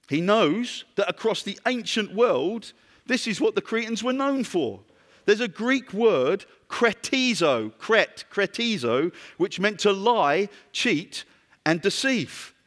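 British male preacher, higher voice, chatty sermon, hall reverb, asks the room questions. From Britain. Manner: conversational, asks the congregation questions.

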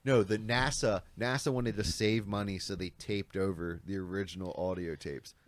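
A man's voice: deep voice, fairly even intonation, moderate pace, no echo. A man co-hosting a podcast, talking in a laid-back, joking way with casual swearing. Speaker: podcast co-host. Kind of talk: casual chat.

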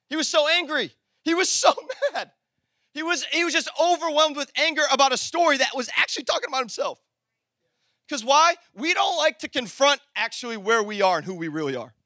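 Man, pastor, animated sermon, very high voice, dry close sound. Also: dry recording. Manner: animated preaching, swings from shouted emphasis to low asides; talks to the congregation directly, conversational.

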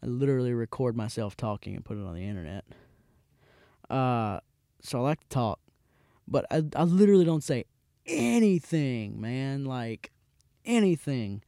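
A man in his twenties, a podcast host, telling a casual rambling story with frequent restarts and animated voices for the people in it. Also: mid-range voice, moderate pace, vocal fry, pauses often, no echo, clean studio sound. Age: 20s.

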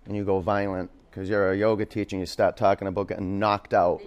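A man's voice: low voice, level tone, quick pace. Joking man leading a yoga class. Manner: chatty, joking asides between cues. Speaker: yoga teacher. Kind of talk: live yoga class instruction. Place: yoga studio.

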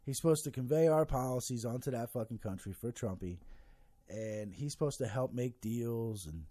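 A man's voice: medium pitch, warm tone, dry recording. A man ranting casually about politics as a podcast host, swearing constantly and rambling with many fillers.

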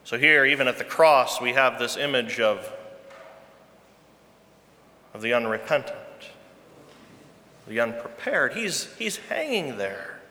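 A man's voice: mid-range voice, sing-song, slow, pauses often, pushed and bright. A man preaching a sermon as pastor, earnest and emphatic, repeating his key phrases. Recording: long reverb from a large hall.

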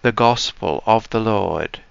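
Slow, solemn priest with a resonant voice. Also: male voice, on the low side, gravelly, smooth, no room sound, highs cut off. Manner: solemn, measured liturgical delivery. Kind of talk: liturgical prayer and Gospel reading.

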